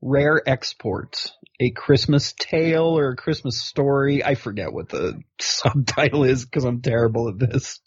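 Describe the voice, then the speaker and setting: Man, podcast co-host, rambling, husky, dull lo-fi sound. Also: medium pitch, unhurried, few pauses. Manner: rambling, self-deprecating. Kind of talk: casual chat.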